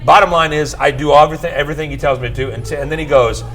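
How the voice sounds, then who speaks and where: A man's voice: a little high, fairly even intonation, very fast, a bit bright, rough recording. A man hosting a livestream from a bar, telling a story in a rambling way and circling back to restart his sentences. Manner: rambling, restarts with "what had happened was". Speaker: podcast host telling a story. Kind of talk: casual storytelling.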